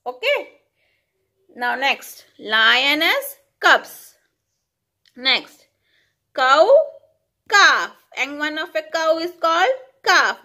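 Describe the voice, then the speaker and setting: A young woman with an Indian accent teaches little children in a sing-song voice, saying each word twice so they can repeat it. Her voice sits high and sounds bright and clear. She speaks very slowly. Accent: Indian English. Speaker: pre-primary school teacher. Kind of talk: online lesson for small children.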